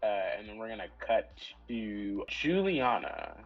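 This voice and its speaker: Husky-voiced man running a tabletop game. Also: on the low side, very animated, a little slow. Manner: rambling, repeats words, restarts a lot. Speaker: game master. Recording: dull lo-fi audio with faint music.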